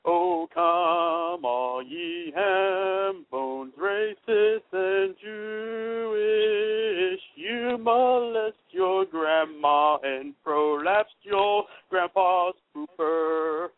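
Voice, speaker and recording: A male caller chanting crude lines in a slow, mock-solemn way. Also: sits high, no room sound. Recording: tinny phone line with faint music.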